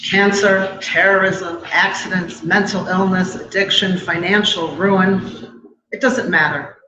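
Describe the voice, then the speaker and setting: A middle-aged woman giving a personal testimony at a memorial event, measured and emotional, with pauses. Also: lowish voice, steady tone, a crowd in the background. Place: live event hall. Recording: echoey hall, dull sound, noisy.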